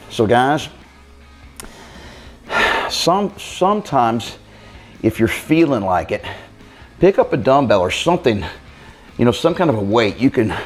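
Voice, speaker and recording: A man coaching an abs workout, counting reps out loud as he exercises and talking out of breath. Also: medium pitch. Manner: counting reps aloud while exercising, casual. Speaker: fitness coach. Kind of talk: workout demonstration.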